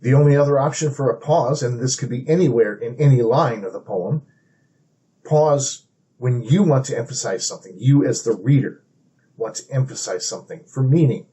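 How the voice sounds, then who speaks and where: A man teaching how to read poetry, explaining steps slowly and reading verse aloud with feeling. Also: medium pitch, dark tone. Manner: measured, explanatory, reads verse aloud dramatically.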